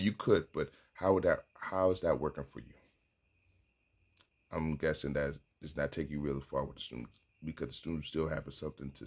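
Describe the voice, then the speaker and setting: A man's voice: very deep voice, breathy edge. A man giving a motivational self-talk monologue, coaching himself and repeating phrases as he acts out sample lines.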